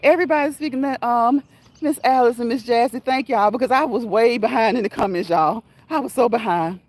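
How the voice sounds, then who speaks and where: A woman's voice: fairly high pitch, a little fast, darkish tone, no room sound. A woman hosting a casual livestream, reading chat comments aloud and laughing often until she cries. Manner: laughs often until crying, talks straight to viewers.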